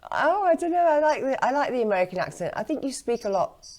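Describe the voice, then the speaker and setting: A middle-aged English woman hosting an interview, talking quickly and chattily with frequent laughter. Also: high voice, sing-song, darkish tone. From England. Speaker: podcast host. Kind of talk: casual interview chat.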